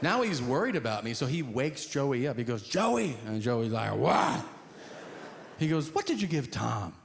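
A man telling a stand-up story, acting out characters in shrieking high voices and talking in profane, fast bursts. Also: sing-song, vocal fry, a little hiss or hum. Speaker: stand-up comedian.

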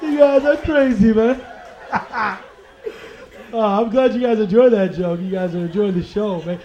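A man's voice: high voice, a little slow, warm tone, highs cut off. A man from Chicago performing a playful stand-up comedy routine, laughing at his own jokes and mimicking voices. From Chicago, USA. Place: live comedy stage.

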